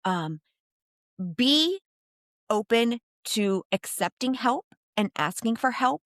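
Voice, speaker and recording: A woman geropsychologist answering interview questions in a thoughtful, animated way, with frequent fillers. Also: fairly high pitch, takes it slowly, dry recording, clean studio sound. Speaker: geropsychologist guest.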